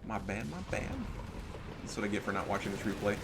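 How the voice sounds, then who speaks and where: A man casting a game replay, excitable and profane, full of trash talk. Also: lowish voice, fast, a little hiss or hum. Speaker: gaming commentator. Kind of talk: casual replay commentary.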